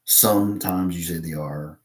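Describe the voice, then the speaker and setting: An American man talking casually to camera in a halting, rambling way, full of fillers and restarts. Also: low voice, fairly even intonation, echoey room. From United States.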